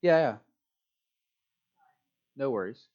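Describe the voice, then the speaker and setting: A man with a mid-range voice preaches slowly and casually to a congregation in a church hall. He's relaxed and chatty, often joking at his own expense, and the recording sounds dull and lo-fi.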